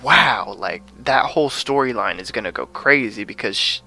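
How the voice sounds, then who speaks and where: A man's voice: medium pitch, expressive, normal speed, vocal fry, sharp tone, faint music behind, rough recording. A man hosting a podcast, casually recapping an episode with many fillers and restarts. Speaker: podcast host.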